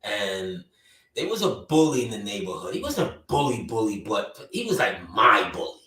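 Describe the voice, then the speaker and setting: A man's voice: fairly low pitch, very animated, moderate pace, sharp tone. A man from Jamaica, co-hosting a podcast, telling a childhood story in casual chat with lots of "you know" fillers. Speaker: podcast co-host. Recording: roomy sound, distant from the mic.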